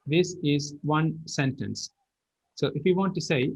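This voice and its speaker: A man's voice: on the high side, unhurried, slightly rough, lo-fi sound. A man teaching English pronunciation in an online class, explaining with repeated example phrases.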